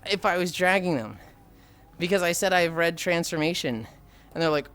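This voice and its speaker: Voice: mid-range voice, moderate pace, a bit bright. A streamer chatting casually with viewers while walking on a treadmill, tired from the long walk, exasperated and sighing often. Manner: exasperated, sighing often, reading and answering chat. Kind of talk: casual live-stream chat.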